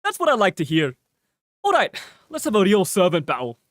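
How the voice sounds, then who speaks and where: A cocky young mage warrior from a fantasy game, chanting his spell with swagger, as a streamer with a northern English accent reads him out. The voice swoops up and down lively, and the sound is dry and close. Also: mid-range voice, brisk, no echo. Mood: teasing. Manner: mock-grand chanting of battle lines. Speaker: streamer reading game dialogue.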